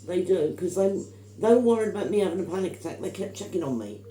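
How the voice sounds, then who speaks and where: A woman's voice: fairly low pitch, expressive, fast talker, warm tone, echoey room, slight background noise, rough recording. A middle-aged woman, telling stories in casual chat, emphatic and opinionated. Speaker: vlogger.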